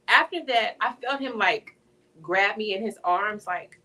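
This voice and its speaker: Animated woman telling a faith story. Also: fairly high pitch, moderate pace, recorded from a distance. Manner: emotional testimony, animated storytelling. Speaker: author guest. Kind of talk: conversational interview.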